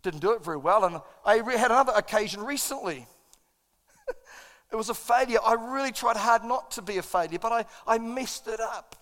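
A man's voice: high voice, expressive, moderate pace, fairly bright tone. A middle-aged man, preaching a sermon as a pastor in an impassioned, self-deprecating storytelling manner. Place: church auditorium. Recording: long reverb in a large hall.

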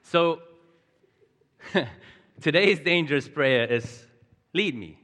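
A man's voice: on the high side, lively intonation, drawn-out words, a bit bright. A man, preaching a chatty sermon, asking his audience questions and chuckling often. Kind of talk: conversational sermon. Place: large church hall. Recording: long hall reverb.

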